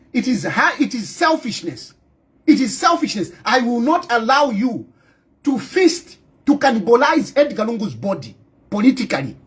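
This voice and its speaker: A Zambian man speaking out in a fiery political monologue, repeating himself and stumbling through restarts as his voice rises and cracks. His voice sits high and swings widely in pitch, lively and emotional. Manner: fiery, repetitive, stammering restarts. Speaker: politician and activist.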